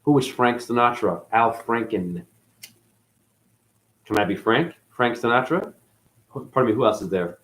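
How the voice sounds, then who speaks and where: Man, rambling spiritual monologue, swearing, lively swooping pitch, muttered asides and sudden excited bursts. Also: normal speed, pauses often, poor audio. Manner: profane, swings between mutters and excited bursts. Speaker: spiritual video host.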